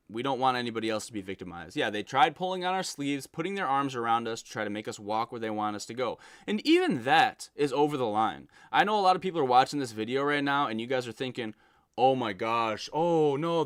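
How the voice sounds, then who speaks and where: A man reads viewer stories aloud and reacts to them, his pitch sitting in an ordinary middle range. He speaks in an animated, exasperated way that turns into ranting. The recording is dry and close. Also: fast, few pauses, no echo. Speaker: content creator reading viewer messages. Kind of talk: reaction commentary.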